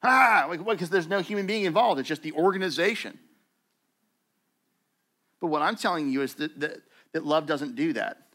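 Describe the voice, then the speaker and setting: A man preaching in a church, talking to the congregation like he's chatting with friends and acting out what people say. His voice sits a little high, with a bright, forceful edge. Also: normal speed, long pauses. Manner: conversational, animated, acts out quoted voices. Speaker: pastor. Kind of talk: sermon.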